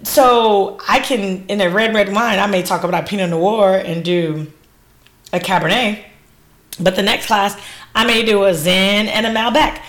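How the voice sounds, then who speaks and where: A woman who runs wine classes, talking on a podcast in a lively, laughing, exclamatory way. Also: medium pitch, a little slow. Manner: animated, laughing, exclamatory storyteller. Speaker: wine educator and business owner. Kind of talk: casual podcast interview.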